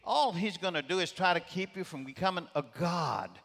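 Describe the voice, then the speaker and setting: Preacher doing a sly coaxing serpent, slightly raised voice, long reverb. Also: male voice, on the high side, lively intonation, normal speed, creaky, fairly bright tone, pitched above the performer's own voice, full character voice. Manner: coaxing, persuasive. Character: sly tempting male serpent voice.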